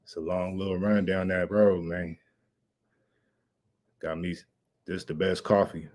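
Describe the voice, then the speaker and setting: Deep-voiced laid-back male livestream host. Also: flat delivery, moderate pace, pauses often, darkish tone. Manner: laid-back, rambling, slangy. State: out of breath. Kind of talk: casual livestream chat.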